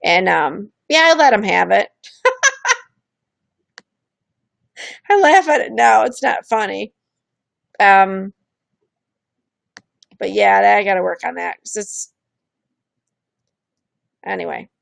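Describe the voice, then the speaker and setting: Woman, show host, gravelly fry, casual candid talk, restarts sentences, dry close sound. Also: medium pitch, dry recording. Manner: candid, acts out quoted voices, frequent restarts.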